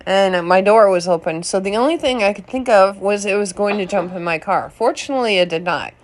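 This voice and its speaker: A woman home vlogger chatting casually and telling a lively story. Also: mid-range voice, brisk, slight background noise.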